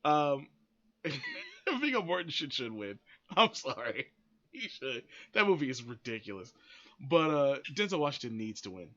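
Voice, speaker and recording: A man's voice: mid-range voice, big pitch swings, normal speed, bright, forceful tone, dull audio. A man hosting a podcast, giving blunt, opinionated commentary that rambles with frequent restarts and free swearing. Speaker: podcast host.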